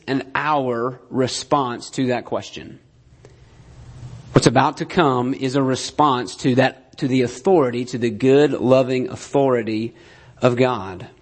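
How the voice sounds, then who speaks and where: Emphatic male preacher. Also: medium pitch. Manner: emphatic, repeats key phrases, asks the listeners "right?". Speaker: pastor. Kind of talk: sermon.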